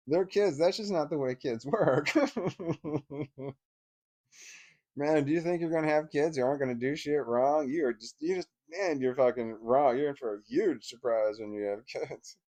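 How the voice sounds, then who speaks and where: A man's voice: on the high side, a little slow, pauses often, dark tone. A man casually telling a long story about his daughter and ex-wife, rambling with frequent restarts, laughter and swearing. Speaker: divorced father telling a story.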